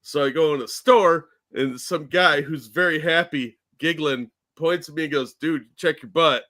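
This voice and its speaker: A man's voice: on the high side, moderate pace, pushed and bright. A man co-hosting a podcast, telling a rambling, self-deprecating story in casual chat. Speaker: co-host.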